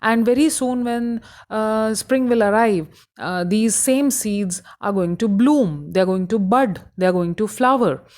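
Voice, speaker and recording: A woman with an Indian English accent giving a recorded lecture on a poem, explaining slowly with many hesitations. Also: mid-range voice, a little mellow. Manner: halting, explanatory, many fillers.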